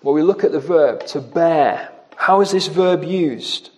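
A man preaching an expository sermon, slowing down to stress quoted scripture and repeating key words for emphasis. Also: on the high side.

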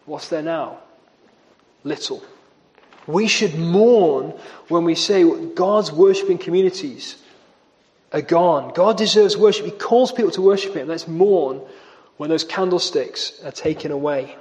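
Male preacher, high-pitched, emphatic sermon delivery, long church reverb. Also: unhurried, a little mellow. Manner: earnest, emphatic, repeats key phrases.

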